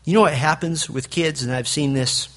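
A man preaching a sermon to fathers, telling stories in an animated way and acting out the people in them. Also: on the high side, normal speed. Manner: animated storytelling, acts out quoted voices. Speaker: pastor.

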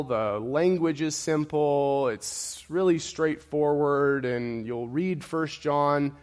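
A man's voice: on the high side, in a large hall. A man preaching a sermon, emphatic and repetitive, his intensity rising and falling.

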